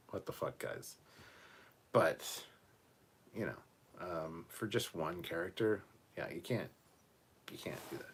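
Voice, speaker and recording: A man co-hosting a relaxed livestream chat from a room at home, reading viewer comments aloud and swearing freely. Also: lowish voice, slightly rough. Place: home room cluttered with costumes.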